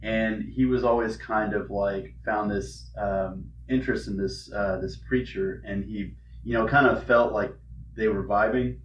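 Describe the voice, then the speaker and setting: Recorded far from the mic in a roomy space with faint noise, this man speaks at a measured pace with fairly even intonation and a fairly low pitch. He's a podcast co-host recapping a comic in a rambling, filler-heavy, profane way.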